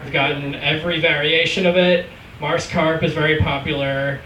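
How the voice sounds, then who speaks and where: A man's voice: a little high, fairly even intonation, normal speed, sharp tone. Joking man hosting an open mic. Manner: loose, joking emcee. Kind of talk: introducing the next comic. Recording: echoey bar from far off, noisy.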